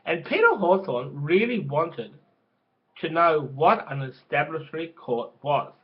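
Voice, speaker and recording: A man's voice: a little high, expressive, measured pace. A man telling a crude, rambling story in casual spoken style, with swearing and restarts. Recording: dull lo-fi recording.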